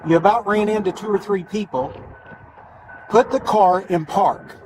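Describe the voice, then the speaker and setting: On noisy bodycam audio from a roadside traffic stop at night, a male police officer firmly gives short, repeated commands, recorded by the camera on his chest. His voice sits high and his pace is measured, with music underneath.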